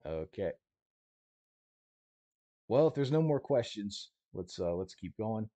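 A man running a tabletop game as game master, casual and quick to laugh, often correcting himself mid-sentence. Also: lowish voice, very animated, dark tone, no echo.

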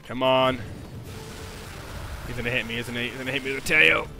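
A young man giving excitable gameplay commentary, swearing and shouting at the game. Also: medium pitch, fairly quick, gravelly, music in the background. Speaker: gaming commentator.

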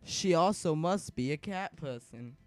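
A man giving casual, joking commentary over a life-sim game, getting frantic and yelling at the screen. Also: on the high side, expressive, measured pace, no room sound, soft background music. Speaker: gaming commentator.

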